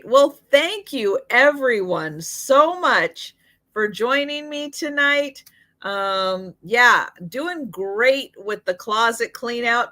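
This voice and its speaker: A woman with a high, strained, bright voice runs a live online sale. She goes slowly through vintage items and their prices one at a time, dropping in fillers, and her voice sounds a little tired.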